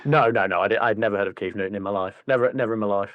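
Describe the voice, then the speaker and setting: A man's voice: fairly low pitch, very fast, no echo, lo-fi sound. A man, co-hosting a podcast and telling stories in casual chat, swearing freely and doing voices. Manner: lively, profane storyteller doing voices. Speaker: podcast co-host.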